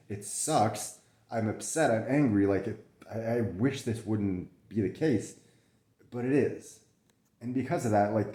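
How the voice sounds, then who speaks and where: A man's voice: lowish voice, a little mellow, reverberant. A young man talking candidly from bed in a casual vlog, swearing often, restarting his sentences, coughing and short of breath. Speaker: vlogger sharing his illness. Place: in bed at home.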